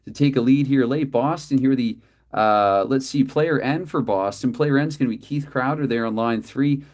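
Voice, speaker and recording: A man calling play-by-play for a dice hockey game from his desk, chatty and quick to correct himself with apologetic asides. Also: mid-range voice, a little mellow. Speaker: tabletop hockey game host.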